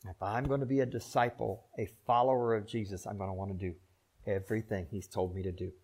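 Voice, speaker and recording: Older preacher, emphatic and slow. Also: male voice, fairly even intonation. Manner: preaching with swings from loud emphatic peaks to soft low pleas, slow drawn-out pauses. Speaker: pastor. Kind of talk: sermon.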